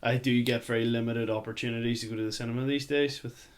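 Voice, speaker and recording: A man's voice: mid-range voice, steady tone, fast, a little hiss or hum. A middle-aged man co-hosting a podcast, chatting casually about movies and rambling with many fillers. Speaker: podcast co-host.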